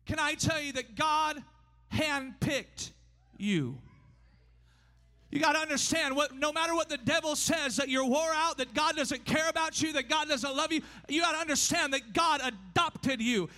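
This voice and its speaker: A high-pitched man preaches a sermon in a church sanctuary, his bright, piercing voice ringing through a long hall reverb. He is emphatic, often shouting, with his pace swinging between fast and slow for weight.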